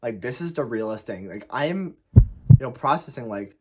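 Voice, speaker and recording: Talking over a noisy crowd with heavy background noise, this young US vlogger recounts a story to the camera in an animated, mid-range voice at a moderate pace. It's casual and emphatic, full of profanity and "like" as filler.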